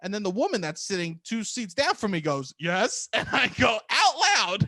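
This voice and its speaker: A man co-hosting a podcast, telling profane, animated stories about auditions and laughing often. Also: high voice, moderate pace, no echo, clean studio sound. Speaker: podcast co-host, comedian. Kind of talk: casual storytelling chat.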